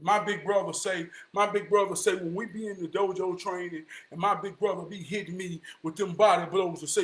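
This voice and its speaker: Briskly and with few pauses, a man launches into a fervent, sermon-like rant that shifts from shouting to quiet muttering. His intonation stays fairly even as he repeats phrases for emphasis and swears frequently.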